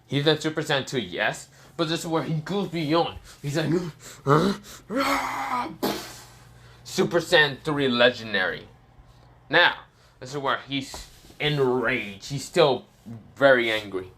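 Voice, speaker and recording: A man's voice: mid-range voice, a little slow, pushed and bright. A man casually telling an improvised fan story, rambling and swearing, full of fillers and self-corrections.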